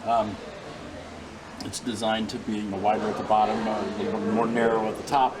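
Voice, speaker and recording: A man's voice: on the low side, little pitch movement, a little fast, noisy background. A man chatting casually on a distillery trip, hesitant and full of fillers. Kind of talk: casual chat.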